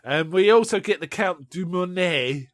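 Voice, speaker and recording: A man's voice: high-pitched, animated, measured pace, a bit bright. A man chatting casually about a film as a podcast co-host, retelling scenes and quoting lines in playful voices. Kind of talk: casual film review chat.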